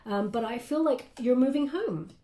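A woman's voice: fairly high pitch, lively intonation, normal speed, mellow. A woman giving a casual spoken tarot reading, chatty and meandering, often checking in with her listener. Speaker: tarot card reader. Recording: roomy echo.

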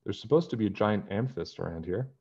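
A man's voice: on the low side, fast talker, creaky, a little mellow, slightly rough, lo-fi sound. A man voicing a kind grown-up woman looking after young girls in a storybook read-aloud, friendly and instructing.

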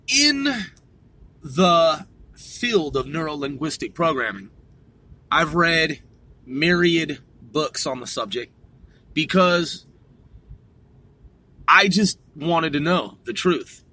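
A middle-aged man from a small country town, talking to his viewers in a slow, deliberate monologue and repeating and rephrasing himself as he goes. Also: a little high, lively intonation, sharp tone, no room sound, poor audio. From a small country town on the West Coast. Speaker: channel host.

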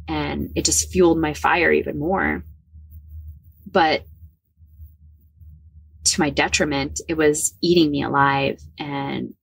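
A woman in her forties from the Midwest shares her own story as a podcast guest. Her voice sits low with a husky, breathy grain. She speaks candidly and earnestly, often repeating herself, in a dry, close recording. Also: no echo. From American Midwest. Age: 40s. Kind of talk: personal storytelling.

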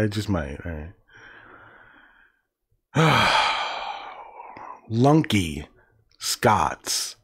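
A man hosting a casual livestream, reading words aloud and reacting with profane, sarcastic, muttered asides. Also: medium pitch. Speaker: livestream host.

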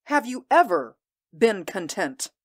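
A woman voicing a proud, ambitious warrior queen, speaking in an intense, measured and commanding way in an audio drama. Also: medium pitch, very animated. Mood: proud, fierce. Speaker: voice actor.

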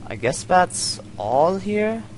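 A man's voice: high-pitched, very animated, slow pace, slight background noise. A man commenting on a horror game as he plays, nervous, easily startled and laughing at his own fear. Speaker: let's play host. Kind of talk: jittery gameplay commentary.

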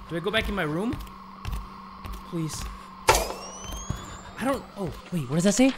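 A man giving jumpy, joking let's-play commentary on a horror game, often breaking into loud screams. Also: high voice, sing-song, measured pace, long pauses, noisy background. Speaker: gaming YouTuber.

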